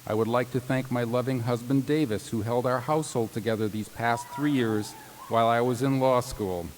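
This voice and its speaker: A man's voice: medium pitch, moderate pace. Man announcing graduates in a reverberant hall. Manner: formal reading with playful joking asides. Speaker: commencement announcer. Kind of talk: ceremonial reading of graduate tributes. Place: large commencement hall. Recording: reverberant hall with faint hiss.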